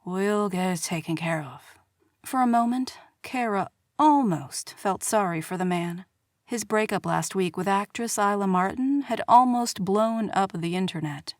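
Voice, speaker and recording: A woman reading a romance novel aloud as audiobook narrator, measured and expressive, on a studio mic. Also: medium pitch, dry recording. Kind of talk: scripted narration.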